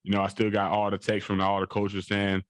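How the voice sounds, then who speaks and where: Young male athlete guest with a lowish voice, talking in a loose, repetitive, rambling way. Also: monotone, brisk, dry recording. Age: young adult. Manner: rambling, repeats phrases and fillers. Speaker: college football player guest. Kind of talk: interview storytelling.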